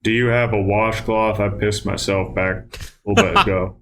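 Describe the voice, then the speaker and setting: A player in a tabletop game speaking in character with a deadpan manner. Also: low-pitched, moderate pace.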